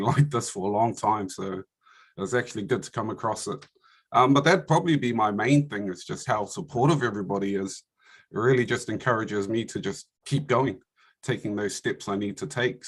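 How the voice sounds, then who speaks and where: A man's voice: lowish voice, a bit bright, husky. A man with a New Zealand accent, a prize winner chatting casually on a video call, laid-back and often laughing. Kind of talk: casual chat.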